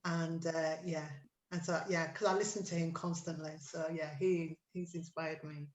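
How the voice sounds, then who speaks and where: A woman's voice: low-pitched, level tone, normal speed, roomy sound, poor audio. A woman hosting an online chat over a video call, chatty and emotional with lots of fillers. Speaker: host of an online chat show.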